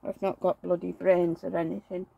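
Chatty woman with a gravelly voice. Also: on the low side, flat delivery, moderate pace, dull audio, a little hiss or hum. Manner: blunt, chatty, talks fondly to dolls while grumbling. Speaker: doll collector vlogger. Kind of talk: chatty running commentary while working.

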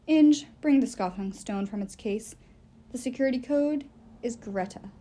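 A woman's voice: a little high, moderate pace, warm tone, lightly acted. A woman voicing a pompous, greedy elderly male elf lord who talks in a haughty, commanding way.

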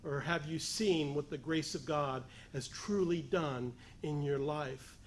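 A man preaching a sermon, building from measured explanation to emphatic, raised appeals. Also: a little high, a little hiss or hum. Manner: rising to emphatic, raised voice on key points; pleading as he voices the lepers' cry.

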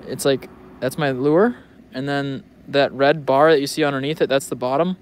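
A man's voice: mid-range voice, steady tone, moderate pace, a little hiss or hum. Joking young man rambling on a vlog. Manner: joking, rambling, swears freely. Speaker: vlogger. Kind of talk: casual rambling vlog commentary.

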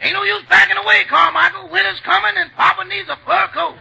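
A man's voice: extremely high pitch, steady tone, fast talker, creaky, lo-fi sound, full character voice. An actor playing a menacing male servant with a razor in a radio comedy dream. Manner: menacing, drawling threats. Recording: 1930s radio broadcast with hiss.

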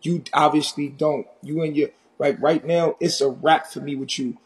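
A man from Harlem with a New York accent, ranting intensely and confrontationally on a live stream, loud and in your face. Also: a little high, fairly even intonation, normal speed. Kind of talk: heated live stream rant.

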